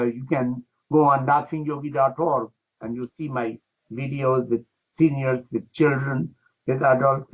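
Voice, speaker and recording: An older man, a laughter yoga teacher, talking with exuberance in broken English and breaking into chants and laughter as a radio guest. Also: fairly high pitch. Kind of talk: enthusiastic radio interview. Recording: dull lo-fi radio sound.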